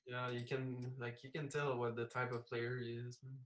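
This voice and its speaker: A man's voice: medium pitch, moderate pace, slight background noise. A young man chatting casually over a headset while raiding in an online game, laid-back and dry. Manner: flat, laid-back, says "man" a lot. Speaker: raid streamer. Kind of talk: casual gaming voice chat.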